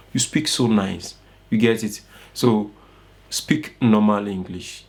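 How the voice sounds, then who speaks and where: Speaking at an ordinary pace with a darkish, lowish voice and fairly level intonation, this young course instructor with a Nigerian accent coaches listeners in a casual online class, often checking "you get it?"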